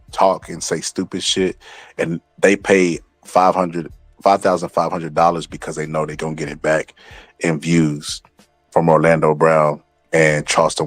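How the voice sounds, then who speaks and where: A man with a very low voice delivers a loose, rambling commentary rant full of swearing. He acts out other people's lines as he goes. The sound is dry and close, with faint music underneath. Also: dry recording. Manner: rambling and profane, acts out quotes. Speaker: commentary channel host.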